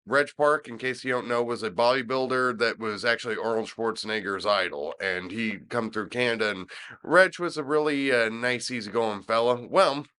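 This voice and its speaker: A man co-hosting a podcast, telling wrestling stories in casual, animated chat. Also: mid-range voice, normal speed, clean tone. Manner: animated storyteller, chuckling, filler-heavy. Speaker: podcast co-host.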